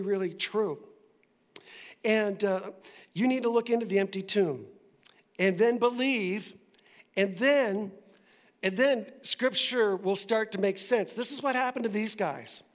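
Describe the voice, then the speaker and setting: A male pastor preaches to his church in a loose, conversational way, tossing in quick asides as he goes. His voice sits high for a man. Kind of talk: sermon.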